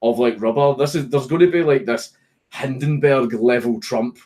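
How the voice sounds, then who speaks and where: A man's voice: medium pitch, normal speed, darkish tone, rough recording. A Scottish man casually chatting on a home live stream, reading viewer messages, swearing and joking while a puppy distracts him.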